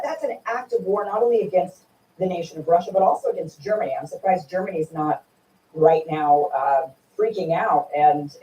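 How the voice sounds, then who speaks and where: A woman hosting a political interview, animated and indignant, firing rhetorical questions. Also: lowish voice, highs cut off. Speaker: host. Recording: echoey room from far off.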